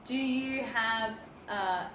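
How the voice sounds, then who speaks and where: A woman's voice: a little high, drawn-out words. A nineteen-year-old woman, a comedian guest, matter-of-fact. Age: teens. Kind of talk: casual chat. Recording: distant echoey room, loud crowd.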